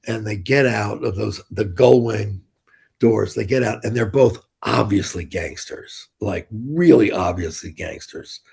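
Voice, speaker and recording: A man's voice: fairly low pitch, creaky, warm tone, breathy edge. An older man, telling rambling, blunt, profane stories as an interview guest. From New York City. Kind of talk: casual storytelling interview.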